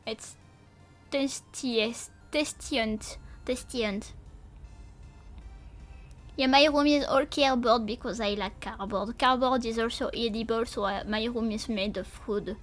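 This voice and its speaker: A high-pitched woman chatting casually with her stream viewers, playful and goofy, with a lot of cursing. She speaks at an unhurried, drawn-out pace and sounds a little sleepy. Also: fairly even intonation, soft background music. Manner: playful, silly, swears often, talks to chat. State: sleepy, yawning. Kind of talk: casual livestream chat.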